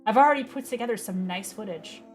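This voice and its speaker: A woman's voice: medium pitch, soft background music, lightly acted. A woman voicing a cold sadistic tormentor. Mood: taunting. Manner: taunting, cruel, measured. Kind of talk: reading a game's dialogue aloud.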